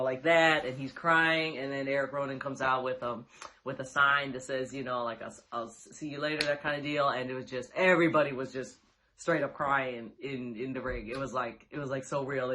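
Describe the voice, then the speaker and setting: Bright-voiced rambling man. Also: medium pitch. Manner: rambling, lots of fillers and restarts, laughs often. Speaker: vlogger reviewing a wrestling show. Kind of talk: casual reaction talk.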